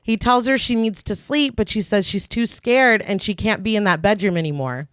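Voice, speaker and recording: A woman's voice: mid-range voice, moderate pace, smooth, no echo. A woman co-hosting a podcast, recapping a film plot in casual chat with dry sarcastic asides. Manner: dry, sarcastic asides between plot beats, laughs often.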